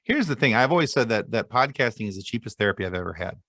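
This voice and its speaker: A man's voice: on the low side, sing-song, fast, sharp tone, no echo, studio quality. A man guest on a podcast, talking casually in a rambling, self-deprecating way. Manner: rambling, many fillers and restarts, self-deprecating. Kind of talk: casual interview chat.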